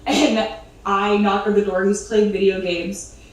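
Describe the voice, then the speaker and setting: A woman's voice: mid-range voice, level tone, measured pace. A woman telling an emotional story in an interview, rambling with fillers and restarts and laughing through tears. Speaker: interview guest. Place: clip replayed in a room during a livestream. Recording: echoey, distant playback with faint noise.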